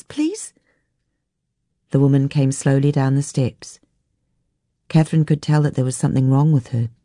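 A woman narrating a novel as an audiobook in a steady, measured way. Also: deep voice, dry recording, clean studio sound.

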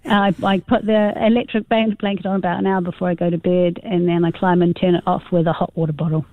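A woman's voice: lowish voice, little pitch movement, quick pace, no echo. A New woman calling in to a radio show over the phone, friendly and chatty. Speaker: caller. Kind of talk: radio call-in. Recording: tinny phone line.

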